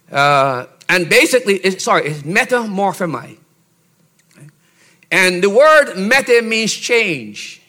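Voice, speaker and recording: Man preaching a sermon, kinda high voice, keeps asking "see?", gets real loud and punchy. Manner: teacherly, checks in with "Okay?" and "See?"; builds to loud, emphatic shouted exhortation. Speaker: pastor. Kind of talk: expository sermon.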